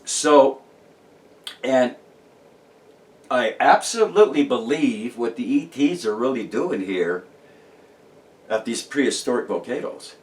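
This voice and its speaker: A man's voice: medium pitch, lively intonation, slow pace, pauses often, distant mic. A man talking casually about his paranormal research, rambling and emphatic, with many restarts and fillers. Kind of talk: casual monologue to camera.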